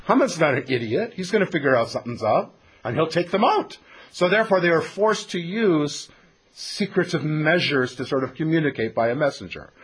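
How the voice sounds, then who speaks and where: A man teaching a text study lesson, with a slightly husky voice that sits a little high. He tells the story with plenty of swing in his pitch and reads his sources aloud. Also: lively intonation, a little fast, a bit bright.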